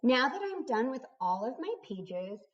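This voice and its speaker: A woman's voice: fairly high pitch, very animated, a little slow, distant mic. A young woman teaching a kindergarten writing lesson, sounding words out syllable by syllable. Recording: dull lo-fi recording.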